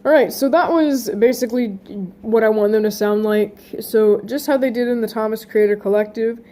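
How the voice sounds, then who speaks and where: A woman's voice: fairly high pitch, moderate pace, warm tone, faint music behind. A young woman hosting a casting call for voice roles, talking casually and rambling with many fillers and restarts. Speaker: channel host running a casting call.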